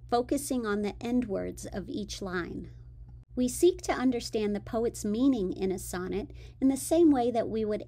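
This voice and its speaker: A woman teacher narrates a scripted lesson, explaining things in a clear, measured way. Her voice is mid-range and mellow.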